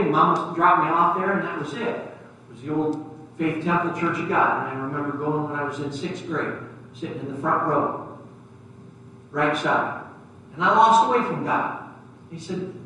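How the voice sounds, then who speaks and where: High bright preacher in an echoey church. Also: male voice, normal speed, pauses often, far from the mic, a little hiss or hum. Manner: storytelling, acts out dialogue, swings loud and soft. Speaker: pastor. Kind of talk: sermon. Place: church sanctuary.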